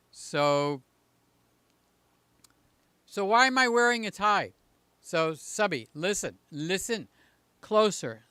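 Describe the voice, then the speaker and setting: An older man hosting a casual live stream, joking and teasing, swinging between loud bursts and quiet asides. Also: a little high, no room sound.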